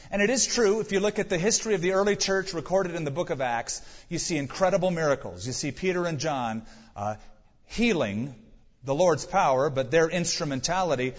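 A man preaching a sermon, working through numbered points with rhetorical questions and sudden bursts of emphasis. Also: slightly rough. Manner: sudden rises in pitch and volume for emphasis. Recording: long hall reverb, dull lo-fi sound.

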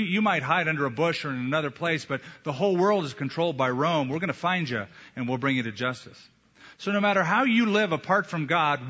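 A man preaching a sermon as a pastor, emphatic, with slow deliberate pauses. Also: a little high, bright, forceful tone, husky. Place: church sanctuary. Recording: echoey hall, dull lo-fi sound.

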